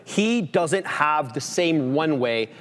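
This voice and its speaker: Playful guy co-hosting a trading stream, slightly high voice, big echoey room. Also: lively intonation, slow pace, a bit bright. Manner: playful, teasing banter. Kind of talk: casual chat. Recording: long hall reverb.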